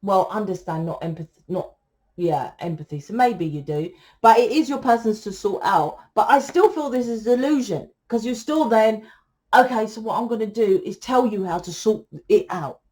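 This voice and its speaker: A woman's voice: mid-range voice, normal speed, darkish tone. A woman giving a casual tarot reading, blunt and lecturing, swearing freely as she talks to her viewers. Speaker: tarot reader.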